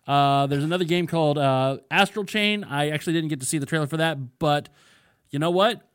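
A man's voice: a little high, a little fast, clean tone. A man hosting a podcast in casual chat, running through news items in a loose, profane way. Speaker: podcast host.

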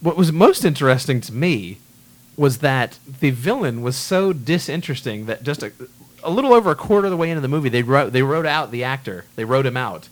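A man's voice: medium pitch, animated, brisk. A man hosting a casual movie chat, ranting bluntly and swearing freely. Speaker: podcast host.

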